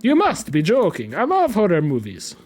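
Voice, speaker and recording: A man's voice: sits high, huge pitch swings, moderate pace, a little mellow, slight background noise, pitched above the performer's own voice. A man voicing a nervous, overly formal grown man in a dating game, with a put-on posh British accent. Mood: flustered. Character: nervous posh adult man on a movie date.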